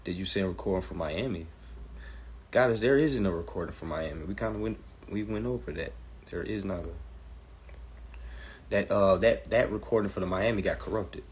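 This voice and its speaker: Speaking into a phone mic, a man hosts a live stream and fields viewers' chat questions in a blunt, profane rant while plugging his class. His voice is deep and a little fast, with frequent pauses.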